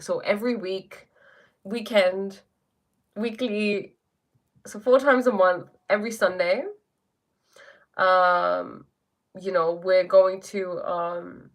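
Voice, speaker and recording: A woman with an English accent, a spiritual teacher chatting casually on a live stream, reading viewer comments aloud and answering them. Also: on the low side. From England.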